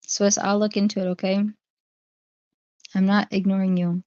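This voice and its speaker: A woman's voice: mid-range voice, flat delivery, moderate pace, darkish tone, clear, resonant tone, no echo. A woman hosting a casual livestream, talking through her viewers' chat comments one by one. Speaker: livestream host. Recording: dry, dull lo-fi stream audio.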